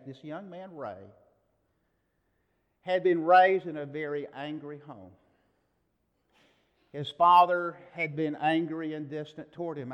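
Earnest man preaching in a reverberant hall. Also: on the high side. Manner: earnest storytelling, with swings in loudness. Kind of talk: sermon. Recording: dull sound in a large reverberant hall.

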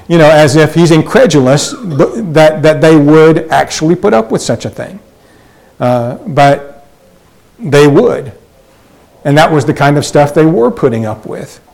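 A man's voice: fairly high pitch, lively intonation, a little slow, creaky, darkish tone, low-quality recording. Man teaching a Bible study, chatty. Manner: conversational, with frequent fillers and restarts.

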